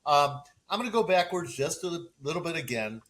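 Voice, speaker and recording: Effusive male podcast host, slightly high. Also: lively intonation, fairly quick, a bit bright. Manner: effusive, repeats fillers and restarts. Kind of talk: casual interview chat.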